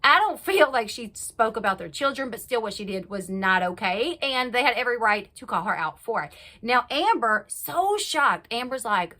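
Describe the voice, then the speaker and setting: Animated chatty woman recapping gossip. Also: normal speed. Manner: chatty, animated, acts out quotes with big pitch jumps. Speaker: YouTube recap host. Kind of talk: casual chat, reality TV recap.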